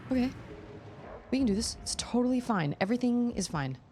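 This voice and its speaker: A woman's voice: a little high, animated, a little fast, darkish tone, a little hiss or hum. A woman streaming a game, chatting casually, talking to herself and exclaiming at the game. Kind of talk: casual live gameplay commentary.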